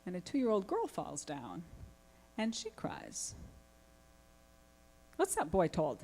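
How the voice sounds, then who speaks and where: A woman family therapist, giving a lively conference talk and asking her audience many questions. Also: fairly low pitch, slow pace. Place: conference hall.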